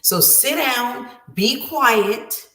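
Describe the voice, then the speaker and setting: A woman's voice: on the high side, expressive, extremely slow, pushed and bright, reverberant. A woman writing coach giving an emphatic, preachy motivational talk with lots of repetition.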